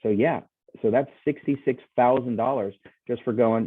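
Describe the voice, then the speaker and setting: A man's voice: medium pitch, moderate pace, breathy edge. A man giving a casual, enthusiastic sales presentation as a guest speaker, rambling with frequent restarts, heard over a video call. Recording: tinny phone-like video call audio, dry.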